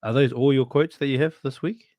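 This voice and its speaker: A man's voice: medium pitch, steady tone, fairly quick, a little mellow, dry recording. Man, podcast host, teasing and profane, dry studio sound. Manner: teasing, swears freely, playful. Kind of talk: casual podcast chat.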